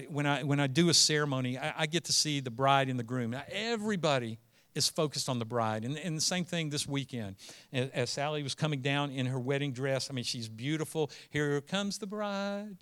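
In a mid-range voice and at a slightly fast pace, a man preaches as a pastor, moving from quiet storytelling to earnest, forceful declarations.

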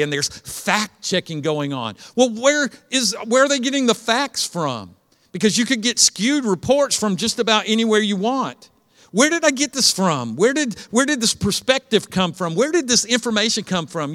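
A man's voice: high-pitched, a bit bright, in a large hall. A man preaching a sermon as pastor, chatty, throwing questions at the congregation. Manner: conversational, asks the congregation questions.

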